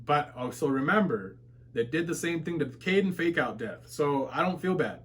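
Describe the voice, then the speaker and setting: A man's voice: on the high side, normal speed. A man streaming a live webtoon reaction, reading viewer comments aloud and reacting with laughs, curses and outbursts. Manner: excitable, swears and shouts at plot twists, laughs often.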